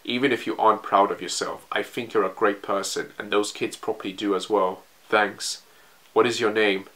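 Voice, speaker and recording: Guy reading out a serious old navy commander, soft and measured, bright voice. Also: on the low side, fairly even intonation, lightly acted, rough recording. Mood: grateful. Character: grave older male naval commander.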